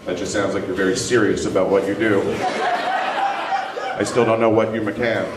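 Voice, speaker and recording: Heard from a distance in a roomy, noisy club recording, a male Canadian stand-up works the crowd at a moderate pace. His pitch is fairly low, and his animated set swings into loud put-on voices and ranting.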